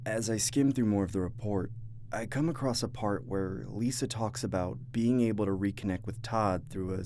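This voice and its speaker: A man narrating a first-person horror story in a measured, scripted way. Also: fairly low pitch, darkish tone. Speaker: narrator and voice actor.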